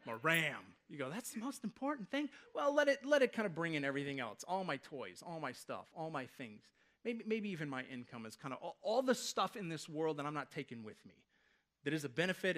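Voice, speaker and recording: A man's voice: medium pitch, fairly bright tone. A man in his thirties, a pastor preaching a sermon from a church stage, in a loose conversational way full of rhetorical questions. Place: church stage before a congregation.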